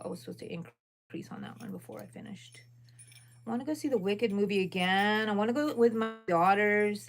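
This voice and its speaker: Relaxed, chatty woman crocheting live. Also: mid-range voice, creaky, slight background noise. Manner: chatty and relaxed, drifting between dogs, chores and stitch counting. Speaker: crochet livestream host. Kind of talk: casual livestream chat while crocheting.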